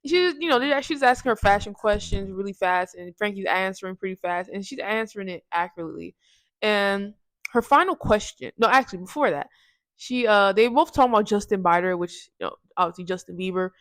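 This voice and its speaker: A woman's voice: mid-range voice, expressive, brisk, fairly bright tone, no room sound. A woman casually recapping a movie for her review channel, rambling in slang and often correcting herself. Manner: rambling, slangy, self-correcting with restarts and laughs.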